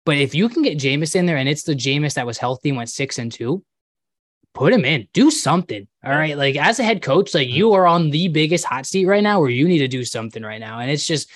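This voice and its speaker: A man's voice: fairly high pitch, lively intonation, fairly quick, dry recording, clean studio sound. A man co-hosting a casual sports podcast, venting as a frustrated fan with lots of fillers. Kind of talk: casual chat.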